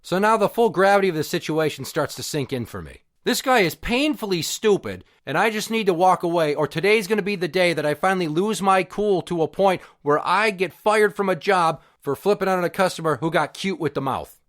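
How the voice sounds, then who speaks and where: Podcast guy on a profane rant, fairly high voice, sarcastic, fed up. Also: animated, fairly quick, hardly any pauses, fairly bright tone. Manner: crude, sarcastic and exasperated. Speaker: podcast host.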